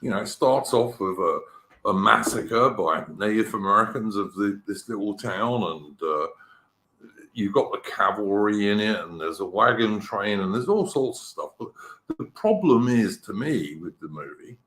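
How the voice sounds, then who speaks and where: A man's voice: on the low side, lively intonation, moderate pace, a bit bright, echoey room. A middle-aged man with an English accent, hosting a casual live-stream chat, rambling and opinionated. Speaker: podcast host.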